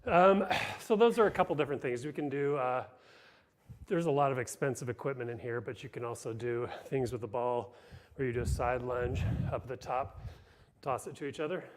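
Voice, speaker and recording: A man's voice: mid-range voice, brisk. A man coaching a partner workout on a live show, calling out moves, a little out of breath. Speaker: fitness trainer.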